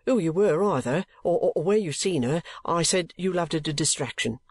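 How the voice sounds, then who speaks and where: A man voicing an excitable, flustered middle-aged male clerk in a storybook reading, breathless and stammering. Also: a little high, moderate pace, slightly rough, dry recording, voice pushed up. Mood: excited, fluttering.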